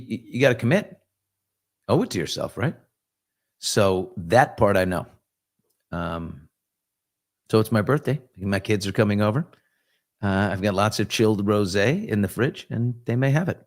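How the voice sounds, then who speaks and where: A man's voice: fairly low pitch, expressive, moderate pace, pauses often. A man in his fifties from New York, hosting a casual live chat and answering viewers, rambling and self-reflective with joking asides. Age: 50s. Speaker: host.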